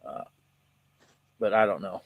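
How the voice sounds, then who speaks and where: A man's voice: low voice, unhurried, dry recording, narrow, tinny audio. A man co-hosting a casual livestream chat, laughing through his own stories and reading chat aloud. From southern United States. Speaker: co-host of a livestream chat show.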